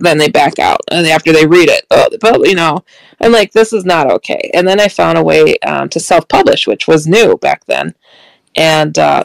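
A woman's voice: lowish voice, gravelly, no echo, low-quality recording. A middle-aged woman telling a personal story in a casual, chatty way, laughing often and acting out what people said. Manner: chatty, laughs often, acts out quoted dialogue. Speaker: author and paranormal speaker.

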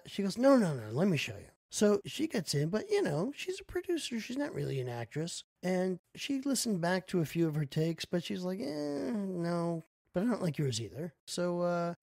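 Middle-aged male storyteller, audio-blog read, animated, does his own voices and sound effects. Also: fairly high pitch.

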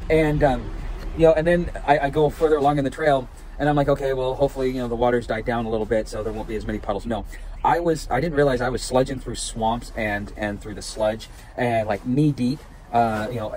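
A man telling a rambling, animated story about his hike in a casual outdoor vlog with lots of restarts. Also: mid-range voice, rough recording. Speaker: vlogger. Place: outdoors at a campsite. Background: wind and outdoor ambience.

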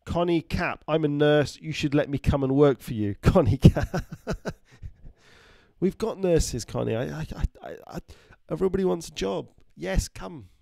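Middle-aged guy doing a casual livestream chat, kinda high voice, dry sound, laughs a lot. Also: expressive, moderate pace, creaky, a little mellow, dry recording. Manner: chatty, laughs often, slips into joke accents. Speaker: doctor hosting a livestream.

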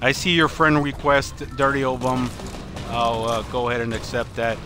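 A man giving excited live commentary on his own video game session, often laughing and repeating exclamations. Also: mid-range voice, moderate pace, over music. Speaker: game streamer.

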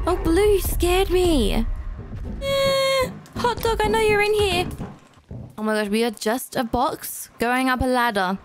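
A woman hosting a gameplay channel, commenting as she plays and gasping often, easily frightened. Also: sits high. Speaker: gaming channel host. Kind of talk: let's play gameplay commentary.

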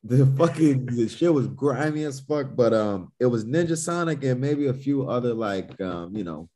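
A man's voice: mid-range voice, expressive, normal speed, warm tone. A man telling stories on a podcast in a laid-back, loose way, swearing freely and acting out his own past reactions. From Newark, New Jersey. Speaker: podcast guest, musician. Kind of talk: casual storytelling chat.

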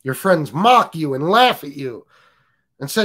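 A man's voice: a little high, very animated, normal speed, a bit bright. A man hosting a casual livestream, joking, cursing, and reading viewer comments aloud. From US Northeast. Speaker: livestream host.

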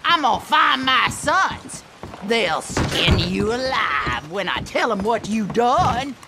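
Harsh old granny, high voice, wild pitch swings, game music behind. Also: female voice, big pitch swings, takes it slowly, heavily acted. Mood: angry. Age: older. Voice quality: harsh, scolding. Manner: hurls insults and threats. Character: mean old rural granny, foul-mouthed, threatening.

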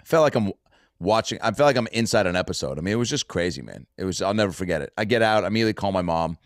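A male comedian telling a story as a podcast guest, animated, casual and swearing, acting out what people said. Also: deep voice, rapid-fire, no room sound, clean studio sound. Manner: animated, swearing, acts out quotes.

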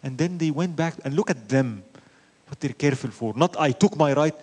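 In a brisk voice that sits on the high side, a religious teacher gives an Islamic lecture. His storytelling is animated, punctuated with rhetorical questions and Arabic phrases.

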